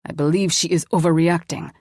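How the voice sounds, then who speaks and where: A woman's voice: sits low, steady tone, fairly quick, darkish tone, breathy edge, no room sound, studio quality. A woman narrator voicing a formal, condescending restaurant waiter with curt replies. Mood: haughty.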